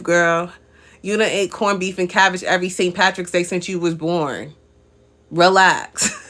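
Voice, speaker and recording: A woman's voice: on the low side, fairly bright tone. A woman in her thirties hosting a casual live stream, chatting in an upbeat, motivational way straight to her viewers and answering their comments. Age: 30s. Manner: reads out viewer comments and laughs often. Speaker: livestream host.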